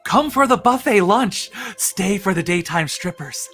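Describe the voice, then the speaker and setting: A man voicing an overexcited adult man who gasps and blurts out shrill exclamations. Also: extremely slow, fairly bright tone, husky, soft background music, heavily acted. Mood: excited. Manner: gasping, shrill, breathless exclamations.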